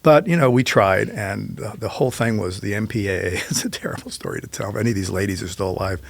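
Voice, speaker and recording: Older guy with a low gravelly voice, rambling through old filmmaking stories. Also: quick pace. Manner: rambling anecdotal storyteller, restarts, quotes others. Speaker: filmmaker guest. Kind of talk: casual storytelling interview.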